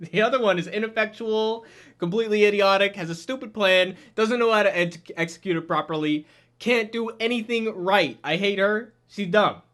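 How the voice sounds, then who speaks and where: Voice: mid-range voice, a bit bright. This is a reviewer talking to camera in an indoor room, tearing into a show with crude, mocking jokes. The delivery keeps collapsing into hysterical laughter. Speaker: video reviewer. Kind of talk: excited reaction commentary.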